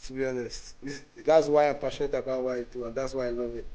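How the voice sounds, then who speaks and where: A man answering interview questions in a relaxed way, often repeating and restarting words. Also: mid-range voice, fast talker, rough recording. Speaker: brand owner and interview guest.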